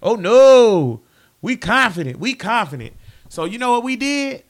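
A man, co-hosting a sports podcast and telling stories in relaxed, chatty banter. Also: very high voice, moderate pace. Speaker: podcast co-host.

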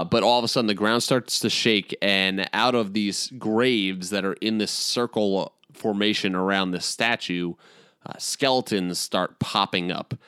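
A man's voice: deep voice, fairly bright tone, clean tone, no room sound, clean studio sound. A man who plays in a tabletop game, casually and animatedly retelling a session, often laughing and using fillers. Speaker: player.

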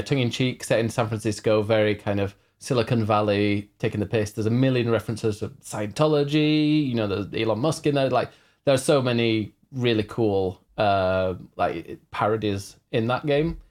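A man's voice: lowish voice, fairly even intonation, moderate pace, a little mellow. A man, a streamer co-hosting a gaming podcast, chatty and rambling, reading out viewer comments. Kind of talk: casual gaming chat.

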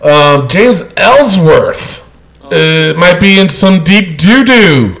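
A man's voice: high-pitched, sing-song, takes it slowly, vocal fry, a bit bright, rough recording. A man hosting a casual wrestling podcast, rambling loosely with lots of fillers and laughter. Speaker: podcast host.

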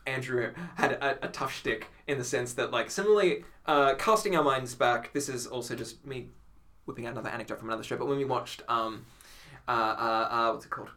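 Male podcast guest, bright tone, mid pitch, animated storyteller. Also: a little fast. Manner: animated storytelling, acts out quotes, laughs often. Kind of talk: casual chat.

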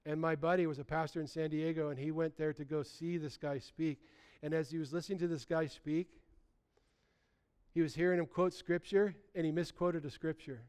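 A man preaching a sermon in a lively, conversational way, often restarting his sentences. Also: fairly high pitch, moderate pace, clean tone. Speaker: pastor.

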